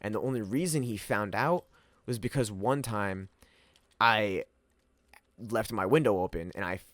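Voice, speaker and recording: A young male vlogger tells a rambling personal story to camera, full of slang, swearing and laughter. His voice is mid-range, with no room sound.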